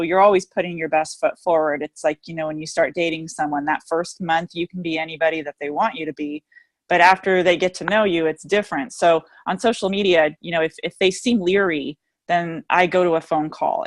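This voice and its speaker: A woman with a somewhat low voice talks through her experience on a team training call. Her delivery is earnest and conversational, with frequent "you know" asides. The call audio is dry, with no room sound. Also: no room sound. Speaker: guest team leader sharing sales experience.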